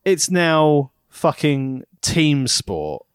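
A man's voice: a little high, big pitch swings, drawn-out words, smooth, no echo, clean studio sound. A man co-hosting a casual chat, making wry jokes. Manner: wry, jokey. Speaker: podcast co-host.

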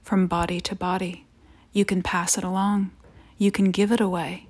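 Sinister mysterious men, woman reading, sly, teasing, hushed, soft. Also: lowish voice, flat delivery, moderate pace, slightly rough.

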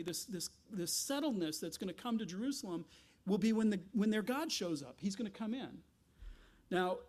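High-voiced man preaching a sermon. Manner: animated teaching with asides and rhetorical questions. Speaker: pastor.

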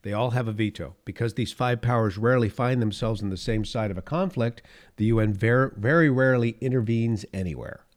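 A man's voice: mid-range voice, a little fast. A middle-aged man hosting a political commentary podcast, talking with sarcasm, getting fired up and then pulling himself back down. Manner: sarcastic, heats up then reins himself in, chuckles at his own points. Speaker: podcast host.

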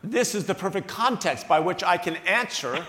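An animated, self-mocking man in his sixties from the Philadelphia area, spinning a story for a luncheon crowd. His voice sits somewhat high. He was recorded in a big banquet hall with a long, roomy echo. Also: moderate pace. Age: 60s. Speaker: guest speaker. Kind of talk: anecdotal storytelling on stage. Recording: echoey hall with long reverb.

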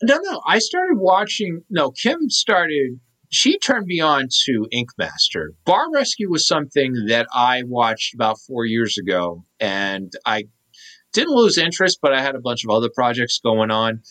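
A man's voice: medium pitch, very animated, unhurried, sharp tone, low-quality recording. A man in his thirties co-hosting a podcast, chatting casually and rambling with lots of fillers. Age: 30s. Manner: rambling, many fillers and restarts. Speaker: podcast co-host. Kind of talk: casual chat.

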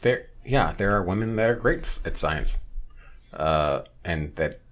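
A man's voice: low voice, expressive, a little slow. A man chatting casually on a podcast, blunt and opinionated, swearing freely.

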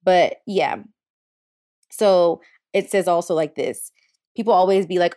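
Young female podcast host; blunt, casual, curses freely, low-set voice, dry booth sound. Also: fairly even intonation, measured pace, long pauses, darkish tone, no echo. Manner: frank and slangy, curses casually. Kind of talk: casual advice podcast talk.

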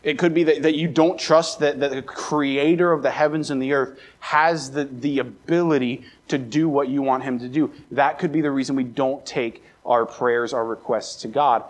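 A man's voice: mid-range voice, normal speed, hardly any pauses. A young adult man from the Baltimore area preaching a sermon, telling a personal story and acting out the scenes with a raised voice. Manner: animated, acts out scenes with raised voice. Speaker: pastor. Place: church sanctuary.

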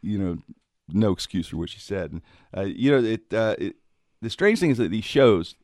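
Male host with a fairly low voice and a dry, close sound, telling rambling anecdotes. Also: expressive, normal speed, a little mellow, no room sound. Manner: rambling storyteller with frequent laughs and restarts. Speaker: radio show host. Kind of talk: casual chat.

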